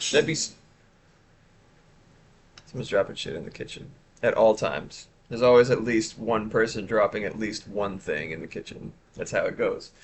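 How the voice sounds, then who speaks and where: Guy streaming live, rambly casual chat, keeps cutting himself off, middle pitch. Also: breathy edge. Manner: rambling, chatty, self-interrupting.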